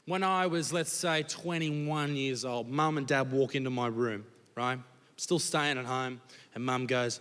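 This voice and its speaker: A man performing a crude, animated stand-up set on a theatre stage. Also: medium pitch, unhurried, pauses often, clear, resonant tone. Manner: crude, animated storytelling with crowd laughter. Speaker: stand-up comedian. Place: large old theatre on stage. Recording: long theatre reverb from stage.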